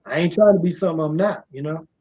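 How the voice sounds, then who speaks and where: A man's voice: fast talker, mellow. A middle-aged man from Washington, D.C., a music promoter, talking in a casual, rambling way with a slight drawl. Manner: rambling, repeats fillers, drawling. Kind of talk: casual interview. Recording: muffled low-fidelity sound.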